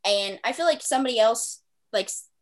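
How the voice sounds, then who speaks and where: A woman hosting a podcast in casual chat, talkative and quick to laugh, with lots of filler words. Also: a little high, animated. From small town. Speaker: podcast host.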